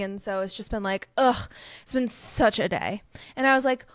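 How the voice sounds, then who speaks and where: A young woman co-hosts a chatty podcast and tells stories with a lot of expression. She swings her pitch up and down when she plays the people in her tale. Her voice sounds dry and close, with no room echo. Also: normal speed. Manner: animated storyteller, acts out quoted people with pitch jumps. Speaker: podcast co-host. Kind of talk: casual chat, storytelling.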